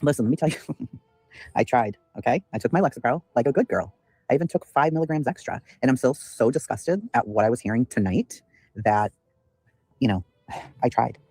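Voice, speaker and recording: A man's voice: medium pitch, lively intonation, moderate pace, a little mellow, breathy edge, no room sound, faint music behind. A man hosting a casual livestream, ranting with heavy swearing while greeting chat members by name. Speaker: livestream host.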